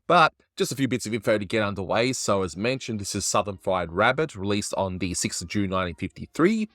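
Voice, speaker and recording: A man's voice: fairly low pitch, lively intonation, brisk, fairly bright tone, no echo, studio quality. A man hosting a cartoon review, chatting casually with wry asides.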